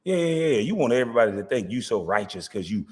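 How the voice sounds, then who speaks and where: A man's voice: mid-range voice, sing-song, quick pace, a little mellow, big-room sound. A man hosting his own channel, delivering a profane, taunting rant full of rhetorical questions. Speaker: host.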